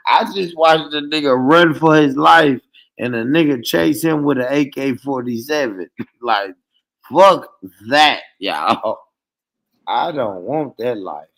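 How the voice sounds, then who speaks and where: A man hosting a live stream in casual chat, animated and profane, laughing often. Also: medium pitch, gravelly, rough recording.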